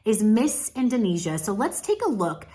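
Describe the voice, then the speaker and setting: A woman's voice: medium pitch, very animated, normal speed, dark tone. Woman coaching on camera speaking. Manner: encouraging, coaching tone. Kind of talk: casual video commentary.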